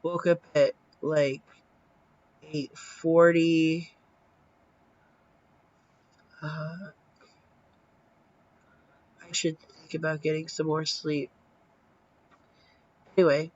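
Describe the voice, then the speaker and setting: Low and deep, this woman's voice moves slowly with long pauses as she recounts a story for her casual vlog. She's in her thirties and short on sleep, yet she acts out the dialogue with energy and swears offhandedly, all captured in dull lo-fi sound.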